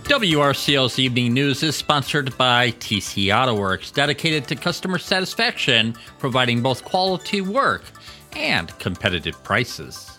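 A man's voice: medium pitch, sing-song, normal speed, bright, forceful tone, faint music behind. A man reading local station announcements, a sponsor message and the weather in a scripted, upbeat style.

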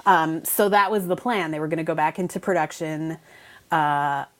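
A woman with a somewhat low voice, talking through entertainment news on the radio in a casual, explanatory way. She restarts her phrases often as she works through the details. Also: normal speed, fairly bright tone.

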